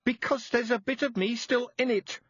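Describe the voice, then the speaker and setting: A man voicing a stubborn young witch girl who answers back indignantly and shouts in defiance. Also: very high-pitched, steady tone, normal speed, slightly rough, no echo, lo-fi sound, voice pushed up, exaggerated voice. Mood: defiant.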